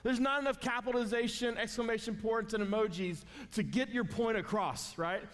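Preacher guy, jokey and punchy, higher voice, lots of church hall echo. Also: fairly quick, a bit bright. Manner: conversational, jokey, emphatic. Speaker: guest preacher. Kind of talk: sermon. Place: church sanctuary. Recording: long reverb of a large church.

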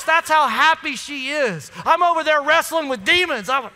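A man's voice: very high voice, moderate pace, bright, forceful tone, long reverb tail. A man preaching a sermon to his congregation, emphatic and conversational, asking the room questions. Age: adult with children. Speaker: pastor. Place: church sanctuary.

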